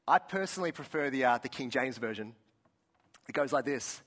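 A man gives a sermon, his voice sitting a little higher than most men's. He talks earnestly, tells personal stories and often restarts or adds asides along the way. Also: a little fast, a bit bright. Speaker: pastor.

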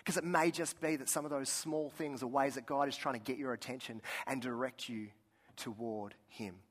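A man's voice: mid-range voice, steady tone, normal speed. A young man giving a sermon as a pastor, conversational and earnest, often restarting his sentences.

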